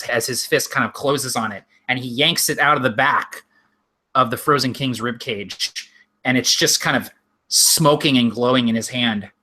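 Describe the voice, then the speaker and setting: A man narrating as game master in a tabletop game, describing the action in a lively, vivid way. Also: mid-range voice.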